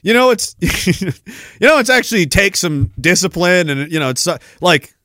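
A man's voice: high voice, big pitch swings, moderate pace, bright, forceful tone, dry recording. A man hosting a podcast, ranting sarcastically with heavy swearing and frequent laughter while reading out viewer messages. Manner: profane, sarcastic, laughs often. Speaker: podcast host.

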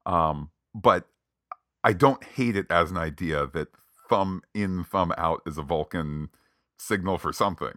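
A man co-hosting a casual podcast, recapping an episode in a playful, animated way with lots of jokey asides. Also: low voice, measured pace, no echo, studio quality. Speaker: podcast co-host.

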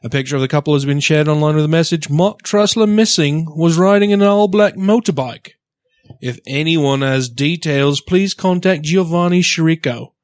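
Man doing a mock British newsreader, stiff and formal, slightly high, dry sound. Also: normal speed, dry recording, lightly acted. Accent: put-on British. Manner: stiff formal news reading with stumbles. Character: adult male British newsreader.

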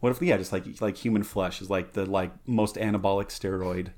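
A low-voiced man chats loosely on a podcast, full of "like" and restarts. He laughs along easily with his co-host. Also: fairly even intonation, fairly quick, a little mellow. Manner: rambling, filler-heavy, laughs along. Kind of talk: casual chat.

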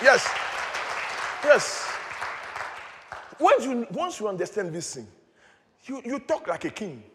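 A man preaching a sermon in a church hall, animated and often shouting as he acts out the story. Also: high-pitched, takes it slowly, long pauses, crowd noise, noisy background. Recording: long hall reverb.

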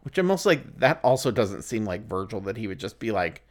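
A man's voice: fairly low pitch, very animated, brisk. Rambling man recapping a movie. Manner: rambling, recounts scenes with filler words. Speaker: podcast co-host. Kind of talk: casual movie review chat.

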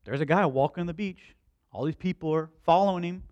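A man preaching a sermon, telling stories in an animated, conversational and humorous way. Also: on the high side, a little fast, no echo, muffled recording. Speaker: pastor. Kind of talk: storytelling sermon.

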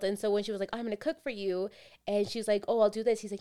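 A woman's voice: medium pitch, quick pace, smooth. A woman co-hosting a casual podcast, animatedly retelling drama scenes and acting out the characters' lines. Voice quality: swears casually. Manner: animated retelling, acts out quotes. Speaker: podcast co-host. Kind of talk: casual chat.

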